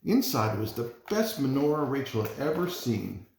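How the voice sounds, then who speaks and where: A man, a parent, reading a children's storybook aloud in an expressive, animated way. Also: mid-range voice, normal speed, a little hiss or hum. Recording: roomy echo.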